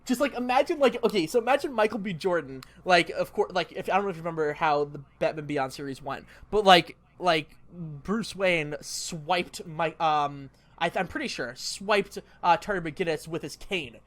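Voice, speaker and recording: A young man co-hosting a podcast, excitable and laughing often, talking in a casual, slangy way. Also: a little high, moderate pace, hardly any pauses. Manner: excitable, laughing, lots of "dude" and "like". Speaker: podcast co-host. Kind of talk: casual chat.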